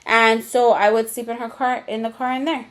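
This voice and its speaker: Woman, young adult, podcast co-host, candid storytelling, swears a lot, slightly high voice. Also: level tone, moderate pace, a bit bright. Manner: candid and profane, mixes in Spanish slang. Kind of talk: casual storytelling chat.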